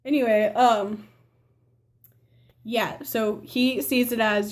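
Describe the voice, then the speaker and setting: A woman's voice: fairly high pitch, steady tone, takes it slowly, pauses often. Chatty teenage girl vlogging. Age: teens. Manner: chatty, rambling with fillers and self-corrections; acts out family members' lines in quotes. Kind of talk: casual storytelling to camera.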